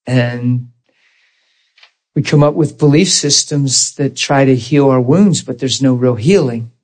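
A man preaching, telling a personal story in an earnest, animated way and acting out the dialogue. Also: mid-range voice, measured pace, rough recording. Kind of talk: storytelling sermon.

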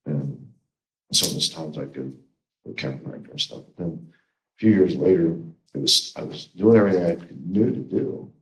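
A man's voice: low-pitched, lively intonation, moderate pace, roomy sound, poor audio. A man from the congregation giving a hesitant spoken testimony, often restarting his sentences. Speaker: congregation member sharing testimony.

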